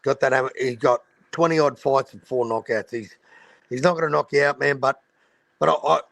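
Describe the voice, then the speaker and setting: A man's voice: medium pitch, a little fast, creaky, fairly bright tone, no room sound. An Australian man hosting a casual boxing livestream over a video call, blunt and swearing freely in Aussie slang. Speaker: boxing talk show host.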